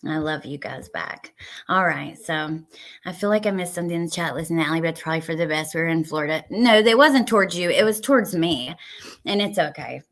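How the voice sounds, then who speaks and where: A woman hosting a casual live stream, reading viewer comments aloud. She swears heatedly at people in her chat and then thanks her chatters warmly. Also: low voice, expressive, brisk.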